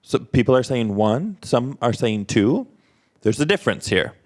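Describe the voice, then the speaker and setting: A man's voice: medium pitch, sing-song, moderate pace, a little mellow. A man voicing a presenter at an interactive workshop, quizzing the audience with short prompts and questions.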